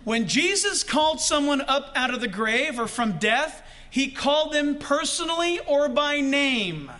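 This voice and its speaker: A male pastor preaching a sermon with animated delivery, shouting the quotes he acts out and laughing often. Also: extremely high pitch, a little slow.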